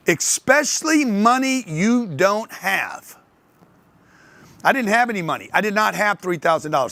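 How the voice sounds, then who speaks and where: An older man giving a motivational talk on sales to an audience, telling lively stories and acting out the voices of other people. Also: sits high, dry recording. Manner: animated storytelling, acts out others' voices. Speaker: speaker on sales and wealth.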